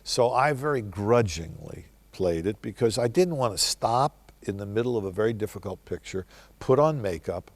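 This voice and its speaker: A man's voice: lowish voice, expressive, moderate pace, no echo. An older man, a film director, telling wry, reflective stories in answer to interview questions.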